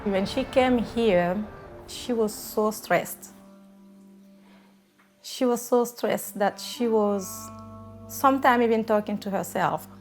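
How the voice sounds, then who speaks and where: A woman tells a story about a friend at a very unhurried pace. Her voice has a middle pitch, and she acts out the remembered dialogue as she goes. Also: faint music behind. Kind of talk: interview storytelling.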